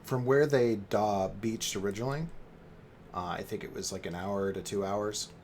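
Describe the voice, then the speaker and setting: Lowish guy running a tabletop game, talks kinda measured. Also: darkish tone, a little hiss or hum. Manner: measured, with fillers. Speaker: game master.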